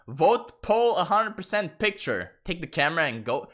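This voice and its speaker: A man's voice: a little high, very animated, moderate pace, few pauses, a bit bright. A man streaming a game in casual, profane commentary, laughing and getting sidetracked. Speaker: gaming streamer.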